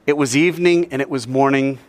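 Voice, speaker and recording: A man's voice: mid-range voice, fairly quick, no room sound. A man giving an informal Bible lesson, acting out little mock dialogues and dropping jokey asides. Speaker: Bible teacher.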